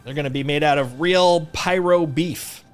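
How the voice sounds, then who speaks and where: Guy streaming games, jokey rambly chat, kinda high voice, quiet music behind. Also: moderate pace. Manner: rambling, playful, jokey, with frequent restarts. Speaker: livestreamer. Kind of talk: casual gameplay commentary.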